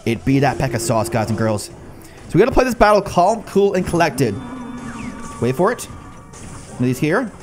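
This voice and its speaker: A young man gives lively live commentary on his gameplay, his slightly high voice swinging widely in pitch. He coaxes his cards, mocks himself and talks straight to his viewers. A faint music track plays behind him. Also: normal speed, long pauses. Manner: excitable, talks to the cards and the viewers, self-mocking. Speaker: gaming YouTuber.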